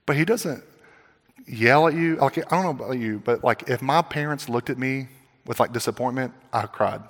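A male pastor delivers a sermon with animated energy, rising to loud emphatic passages and dropping into quiet asides. His voice sits at an ordinary middle pitch. A long reverb trails behind his words, as in a large sanctuary. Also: moderate pace. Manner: casual filler "like" in personal asides.

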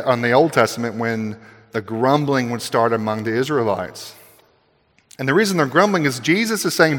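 Male pastor, conversational preaching style, mid-pitched, recorded with hall reverb. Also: fairly bright tone. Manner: conversational, jokey preaching with rhetorical questions. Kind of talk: sermon.

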